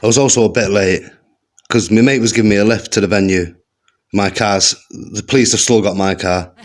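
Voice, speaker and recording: Before a live audience at a comedy venue, a man with a West Midlands accent delivers one-liners deadpan, adding slangy asides. He speaks fairly quickly in a lowish voice, and the gig recording picks up faint crowd sounds and laughter.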